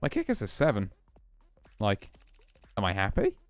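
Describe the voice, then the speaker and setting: Male streamer, smooth clear voice, dry close sound, faint music underneath; relaxed, thinking out loud over poker hands. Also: lowish voice, normal speed, no room sound. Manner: relaxed, musing, explains hands as he plays. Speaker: VTuber streamer. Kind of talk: casual poker play commentary.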